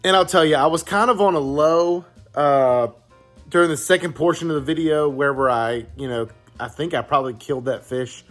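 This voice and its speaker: Faint music sits behind a man from southeastern Virginia, US, who vlogs his outdoor pond fishing in a fairly high, brisk voice with no echo. His talk is casual and excitable, full of repeated exclamations.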